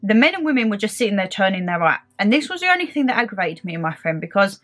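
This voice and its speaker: A young woman, telling a story in a casual, animated and indignant way. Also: medium pitch, quick pace, soft background music. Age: young adult. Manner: animated, indignant retelling with quoted back-and-forth. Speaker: beauty vlogger.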